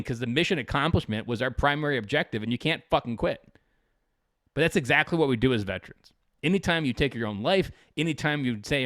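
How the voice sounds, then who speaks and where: A Marine veteran in his thirties talks with blunt, profane intensity, like a motivational speaker pressing his point. His voice is mid-pitched and sits in a dead, dry sound with no room around it. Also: a bit bright, no room sound. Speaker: podcast guest, Marine veteran.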